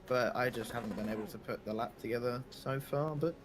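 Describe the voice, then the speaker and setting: A man's voice: medium pitch, a little fast, noisy background. A man co-commentating a sim race in casual, playful banter, teasing his partner. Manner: playful, teasing, laughs often.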